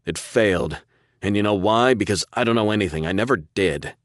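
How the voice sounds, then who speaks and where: A man's voice: lowish voice, a little fast, dry recording, studio quality, pitched above the performer's own voice, close to an everyday voice. A man voicing a weary young male sergeant prisoner who talks in a sarcastic drawl.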